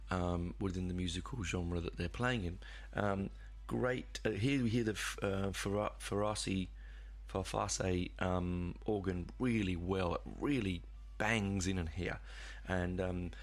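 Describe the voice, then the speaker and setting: A man's voice: low voice, creaky. A man hosting a podcast, talking through an album in a rambling, hesitant way with lots of fillers and the odd casual swear word. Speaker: podcast host. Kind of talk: casual music review monologue.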